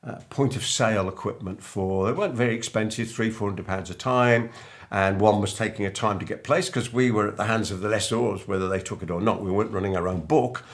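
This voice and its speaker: A man's voice: on the low side, brisk. An older man, a business coach, telling an anecdote to camera and acting out remembered dialogue. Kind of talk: storytelling monologue to camera.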